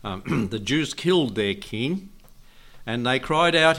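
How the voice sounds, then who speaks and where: A man's voice: medium pitch, expressive, unhurried, a bit bright. An older man preaching a Bible teaching sermon in a folksy way, chuckling often and asking his listeners questions.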